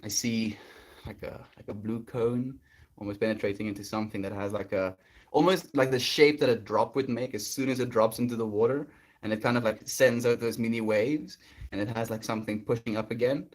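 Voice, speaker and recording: A man chatting casually on a spiritual livestream, reading and answering his chat in a gentle, rambling, affectionate way. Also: lowish voice.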